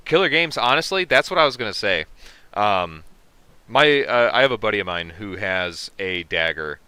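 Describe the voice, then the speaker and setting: A man with a low, bright, forceful voice hosts a casual livestream, reading chat and riffing on it with profanity and laughs. His voice is smooth and resonant, and the recording is dry and close. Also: very animated, normal speed, no echo. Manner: profane, joking, reacting to chat. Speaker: livestream host.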